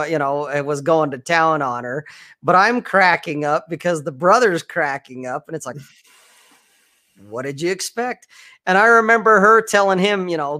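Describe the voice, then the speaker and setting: A man's voice: fairly high pitch, bright, forceful tone. A man co-hosting a podcast, telling crude stories and teasing his co-host. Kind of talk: casual crude chat.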